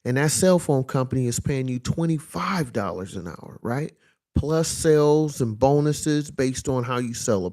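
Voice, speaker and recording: A young man speaks in a relaxed, conversational monologue, his voice gravelly with fry and set a little high for a man. He talks, and he keeps checking in with his listener. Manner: conversational, repeats "you know what I'm saying" and "you feel me". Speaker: motivational speaker. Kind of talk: casual monologue.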